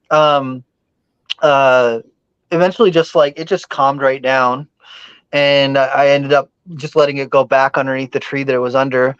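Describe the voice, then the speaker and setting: A man telling a story in casual podcast chat, animated, swearing freely and using many fillers. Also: fairly high pitch, smooth, no room sound, dull audio.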